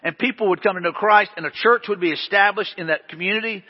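A pastor with a voice that sits high speaks quickly to a congregation in a church hall, telling stories conversationally with folksy asides. The sermon is recorded with long hall reverb and a dull, lo-fi sound.

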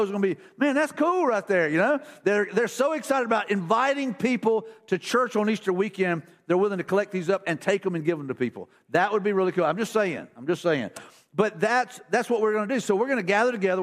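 A man preaching a casual, conversational sermon as pastor in a church, with folksy repetitions and restarts. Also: high voice. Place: church sanctuary.

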